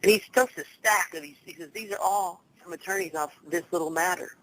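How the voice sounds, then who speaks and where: A man talking casually as a guest, telling stories with lively swings and acting out the people he quotes. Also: high-pitched, a little fast, slight background noise, poor audio. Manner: animated storytelling, acts out quoted people. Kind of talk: casual talk show chat.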